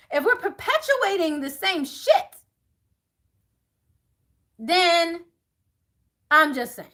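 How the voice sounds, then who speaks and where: A woman's voice: extremely high pitch, pushed and bright. A woman speaking as a tarot reader to her viewers, blunt and profane, laughing often. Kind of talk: animated monologue to viewers.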